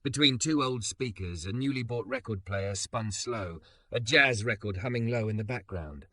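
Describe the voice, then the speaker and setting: Low-voiced man narrating a romance. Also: moderate pace, pushed and bright, no echo.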